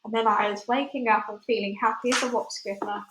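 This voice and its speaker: A woman reading a children's storybook aloud at a fairly high pitch, lively in her storytelling. The room around her is echoey. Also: a little fast, a little hiss or hum. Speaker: reader.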